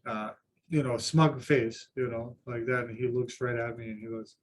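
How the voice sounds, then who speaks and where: A man's voice: mid-range voice, steady tone, moderate pace, a little hiss or hum. Man telling stories in a discussion. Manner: anecdotal, self-deprecating storytelling. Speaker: Buddhist teacher. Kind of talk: group discussion. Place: seminar room with a group.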